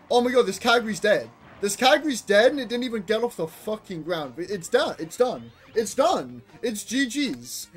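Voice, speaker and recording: A man's voice: high-pitched, sing-song, unhurried, a bit bright, breathy edge, faint music behind. A young man commentating his own speedrun live, nervous and swearing as he talks to himself.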